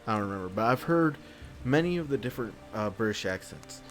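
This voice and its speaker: A man's voice: fairly low pitch, lively intonation, fast talker, soft background music. A man hosting a game playthrough, ranting in an exasperated, rambling way and swearing often. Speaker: let's play host. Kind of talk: gameplay commentary, ranting.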